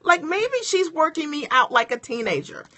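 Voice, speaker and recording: Energetic woman coach on a live stream, slightly high, bright voice, cheering her viewers on. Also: normal speed. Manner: energetic and encouraging, addresses viewers directly. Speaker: business coach. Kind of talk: motivational live-stream talk.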